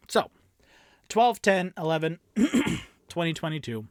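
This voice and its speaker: A man's voice: a little high, sing-song, unhurried, dry recording. A young man narrating a solo tabletop game as game master, chatty and prone to self-mocking tangents.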